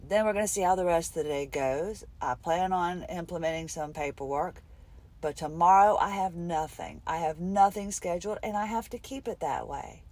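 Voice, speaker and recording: A woman's voice: on the low side, lively intonation, normal speed, a little mellow. A middle-aged woman recording a candid, rambling spoken diary for her podcast from her car between appointments. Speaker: podcast host.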